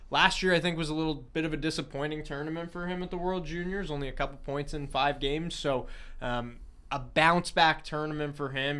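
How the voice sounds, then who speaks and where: Bright, clear-voiced upbeat man. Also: on the high side. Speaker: podcast co-host. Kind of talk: casual hockey podcast chat.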